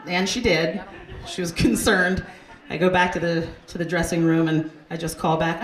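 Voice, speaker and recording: A brash woman works a comedy club crowd with crude stand-up. Her voice sits a bit low, and it rings around a roomy club. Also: steady tone, a little fast, a bit bright. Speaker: stand-up comedian hosting a show.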